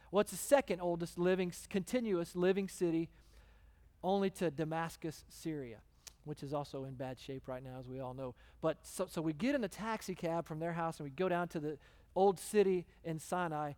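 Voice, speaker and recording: A man, a guest preacher telling a story in a conversational, animated way. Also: high voice. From Texas. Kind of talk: sermon storytelling. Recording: long hall reverb.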